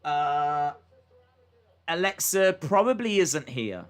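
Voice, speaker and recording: This young man's voice is a little high and clean, with lively intonation and a slow pace. He's streaming a wrestling watch-along, casually calling moves, reading viewer chat, and saying "uh" often.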